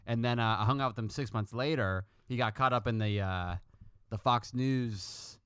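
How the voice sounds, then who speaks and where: Storytelling comedian, dry close mic. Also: male voice, moderate pace, clear, resonant tone, dry recording. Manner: storytelling, acts out quoted people in loud jumps of pitch. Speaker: comedian guest. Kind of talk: casual podcast chat.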